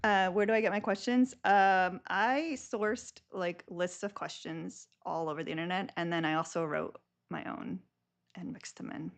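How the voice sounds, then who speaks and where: A woman's voice: fairly low pitch, steady tone, normal speed. A young woman hosting a live stream, chatting casually and rambling with lots of filler words.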